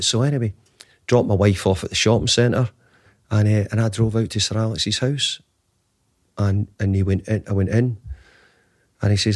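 Low-voiced man telling a story in his fifties. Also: steady tone, a little mellow, no echo, clean studio sound. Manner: halting, often repeats words and restarts. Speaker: football manager, interview guest. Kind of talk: conversational storytelling.

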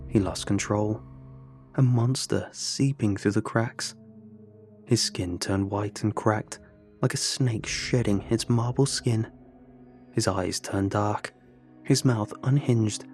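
Low-voiced man narrating a horror story. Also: a little mellow. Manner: measured, dramatic storytelling.

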